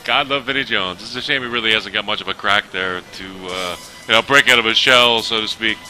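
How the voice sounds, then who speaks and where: A man's voice: fairly low pitch, a little fast, sharp tone, soft background music. A man casually talking over his football game footage, rambling with lots of fillers and restarts. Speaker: gaming video host. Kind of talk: casual gameplay commentary.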